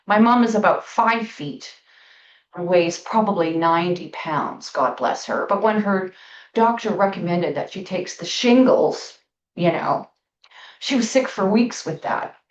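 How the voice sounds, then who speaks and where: A middle-aged woman hosting a spiritual talk show, telling a story in a casual, emphatic way and stretching out key words slowly. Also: lowish voice, lively intonation, far from the mic. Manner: storytelling, emphatic, with slow drawn-out stresses. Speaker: spiritual podcast host. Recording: echoey room, off-mic, dull sound.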